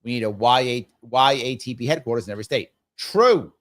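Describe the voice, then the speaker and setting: A man's voice: mid-range voice, fairly quick, a bit bright. A man in his fifties hosting a live stream, reading viewer comments aloud and answering them in a casual, musing way, often repeating his phrases. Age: 50s. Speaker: show host.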